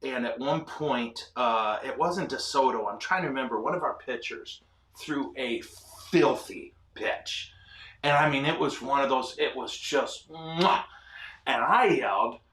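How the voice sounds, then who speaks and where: A man hosting a casual ministry show, telling animated, self-deprecating stories with lots of fillers. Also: mid-range voice, unhurried, echoey room, distant mic. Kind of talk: casual storytelling chat. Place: ministry studio.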